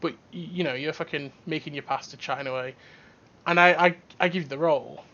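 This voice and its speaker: A young man hosting a casual podcast talks briskly in a voice on the high side, with the high frequencies cut off and faint music beneath. He tells stories with animation, rambling and swearing heavily.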